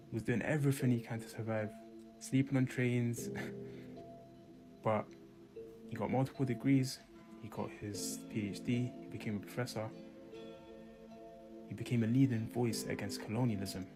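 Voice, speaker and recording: A man telling a reverent story with dramatic pauses. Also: fairly low pitch. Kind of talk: storytelling about history.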